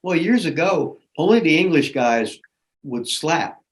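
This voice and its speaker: An older man, a veteran trainer, in casual chat, gruff and profane, breaking into loud outbursts when he tells stories. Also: a little high, lively intonation, measured pace.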